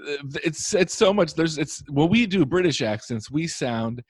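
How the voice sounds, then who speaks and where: A man's voice: a little high, lively intonation, normal speed, husky, no room sound. A man hosting a casual podcast chat, playful and teasing. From United States.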